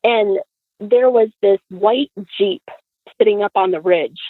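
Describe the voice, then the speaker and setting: A woman guest telling a story in an animated, chatty way, full of fillers and acted-out quotes, heard over a tinny phone line. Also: mid-range voice, measured pace, no echo. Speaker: podcast guest.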